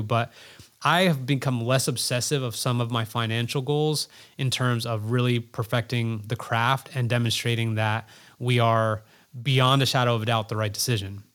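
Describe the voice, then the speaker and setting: A man speaking as a guest on a podcast, his voice sitting at an ordinary middle pitch. He talks in a casual, earnest way, reflecting as he goes and repeating words to drive a point home. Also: fairly bright tone. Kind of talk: casual interview talk.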